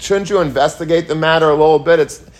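A fast-talking man with a slightly high voice teaches the weekly Torah portion. His lecture is earnest and repetitive, full of rhetorical questions and Hebrew and Yiddish terms.

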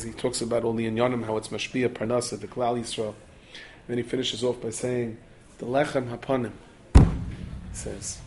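A man tells a Torah story like a sermon, animated and sprinkled with Yiddish and Hebrew terms, acting out the characters. His voice is medium-pitched, with slight background noise.

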